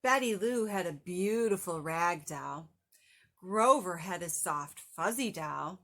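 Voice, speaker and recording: A woman reading a children's picture book aloud in an animated, sing-song way. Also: fairly low pitch, slow pace. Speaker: storybook reader.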